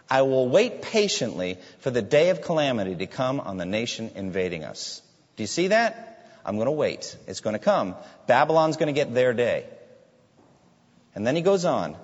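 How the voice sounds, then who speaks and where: A man preaching a sermon as a pastor, emphatic, with dramatic pauses and rhetorical questions. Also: mid-range voice, big pitch swings, in a large hall, highs cut off.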